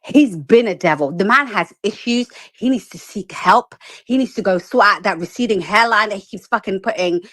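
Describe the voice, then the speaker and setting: A woman's voice: mid-range voice, moderate pace, a bit bright, no echo. A woman on a live stream delivering a heated, profane, confrontational rant.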